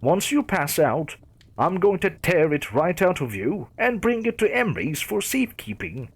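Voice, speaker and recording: A gloating, sing-song female killer, put on by a man in a storybook horror reading. The voice rides high and swoops with lively taunts over a husky grain. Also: normal speed, heavily acted. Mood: taunting.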